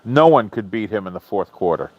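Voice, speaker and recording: A man with a fairly low voice hosts a casual live stream, talking back to viewers' comments. He is chatty and animated, swears freely and laughs often. The audio is dull and lo-fi, with a dry sound. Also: fairly quick, no echo.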